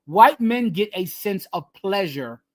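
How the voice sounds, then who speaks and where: A man leading a group and preaching in a fiery, emphatic way, repeating his phrases and swinging from loud bursts to hushed lines. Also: sits high, lively intonation, takes it slowly. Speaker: group leader teaching scripture. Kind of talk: fiery street-style preaching.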